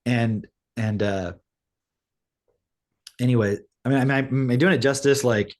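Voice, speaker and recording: A man co-hosting a podcast, retelling a story in casual chat, rambling and filling every pause with "like". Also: medium pitch, darkish tone. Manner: rambling storytelling, heavy use of "like". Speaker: podcast co-host.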